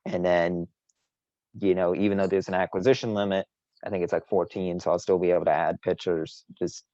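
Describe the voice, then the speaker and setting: A very low-voiced man talks fantasy baseball on a casual podcast, bragging and teasing his friends. He rambles and restarts his sentences. The audio is dull and dry, recorded close. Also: little pitch movement, a little fast, dark tone, dry recording. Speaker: podcast co-host. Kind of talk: casual sports chat.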